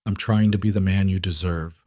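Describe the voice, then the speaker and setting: Cole, a man reading a huge gentle cowboy. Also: sits low, fairly even intonation, brisk, no echo, studio quality, lightly acted. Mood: heartfelt. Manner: rough, heartfelt.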